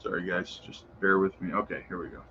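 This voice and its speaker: A man's voice: sits low, level tone, quick pace, pushed and bright, dull audio, slight background noise. A man hosting a casual crypto livestream, answering viewer questions in a laid-back, chummy way and calling viewers brother. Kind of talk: casual live chat reading viewer questions.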